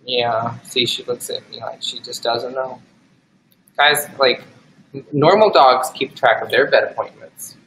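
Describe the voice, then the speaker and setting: Slow-talking young man, livestream chat. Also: mid-range voice, sharp tone, reverberant, a little hiss or hum, low-quality recording. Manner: playful, talks to his dog in a teasing voice. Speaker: livestream host.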